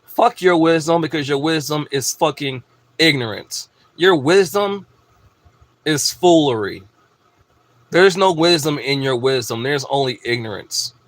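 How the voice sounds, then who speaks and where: A man's voice: on the high side, measured pace. A man delivering a blunt, profane, emphatic ranting monologue as a video host.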